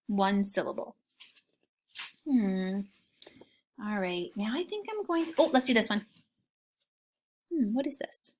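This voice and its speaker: A woman teaching young children a phonics lesson, slow and encouraging in a sing-song way, with soft whispered asides. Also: mid-range voice, animated, a little hiss or hum.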